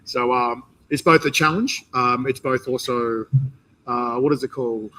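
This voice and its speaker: A man with an Australian accent hosting a casual interview, talking in a rambling, animated way with many restarts. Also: medium pitch, moderate pace, slight background noise, poor audio. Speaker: interview host and competition organizer. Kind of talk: casual interview chat, live stream.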